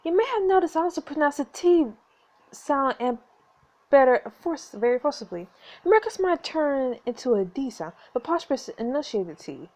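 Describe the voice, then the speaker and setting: Woman putting on a cheerful dialect coach, higher pitch, prim, instructive, lively intonation. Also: normal speed. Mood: teaching.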